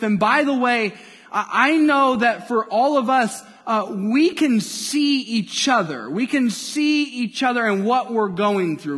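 A male pastor preaching with a notably high voice, playful and engaging as he pulls the congregation along. His words ring out with a long church-hall reverb. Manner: lively, playful, draws the congregation in. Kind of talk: sermon.

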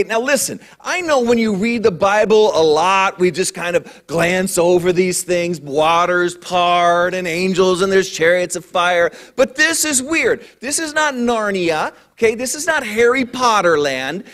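A man in his forties preaching a sermon, animated and full of jokes as he tells the story. His voice sits high for a man, and his pitch swings widely from line to line. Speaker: pastor.

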